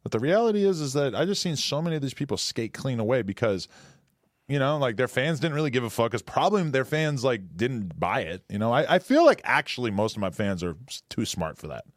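A man's voice: medium pitch, very animated, a little fast, no echo, clean studio sound. A man co-hosting a podcast in casual chat, rambling bluntly and swearing freely. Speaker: podcast co-host.

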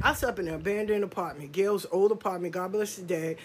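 Speaking in a lowish, darkish, husky voice, a middle-aged woman on a podcast lays out her life story in a monologue of personal testimony. She's frank and forceful, leaning on street slang, curses, and long, drawn-out emphasis.

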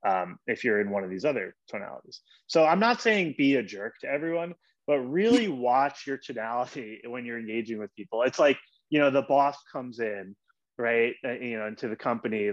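A man hosting his own podcast, giving an energetic coaching monologue and acting out short example voices. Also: mid-range voice, muffled recording. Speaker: podcast host.

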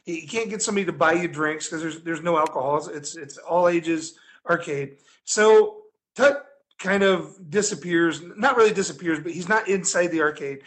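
High-voiced man telling a rambling story. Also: normal speed. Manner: rambling, animated, laughing often. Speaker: podcast guest storyteller. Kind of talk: casual storytelling.

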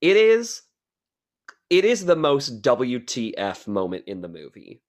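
An enthusiastic man co-host with a lively, swooping pitch, raving about a movie in relaxed chat. He teases his partner with a dry edge, heard over a remote call. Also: measured pace. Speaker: podcast co-host.

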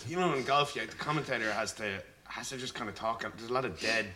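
A man's voice: mid-range voice, quick pace. A man, a band member, telling a rambling story and groping for words as a podcast guest. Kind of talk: casual storytelling. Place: bar. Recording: bar with crowd chatter. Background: pub crowd.

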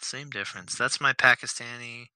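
A man co-hosting a podcast in casual chat, joking, laughing often and halting over fillers. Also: medium pitch, sharp tone, no room sound. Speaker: podcast co-host.

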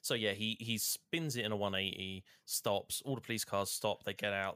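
A man with a fairly low voice retells video game scenes in a loose, rambling way, quoting the characters as he goes. The recording is dry and close, with no room sound. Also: moderate pace, bright, forceful tone, clear, resonant tone, dry recording. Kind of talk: casual chat recapping a video game.

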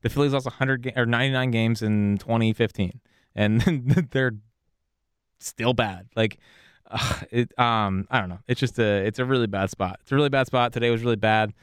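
Smooth-voiced man talking sports casually. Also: medium pitch, moderate pace, dry recording, studio quality. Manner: casual, laid-back analysis with filler words. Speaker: sports podcast co-host.

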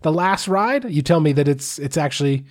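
A male podcast host reads the listener mail in a loose, joking way. His voice sits a bit higher than most men's, and he often starts a phrase over before finishing it. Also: lively intonation, normal speed. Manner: chatty, joking, trails off in restarts. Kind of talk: casual sports podcast chat.

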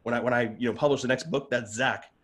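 A man as a podcast guest in a casual interview, speaking earnestly and heartfelt, excitable and open. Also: mid-range voice, quick pace.

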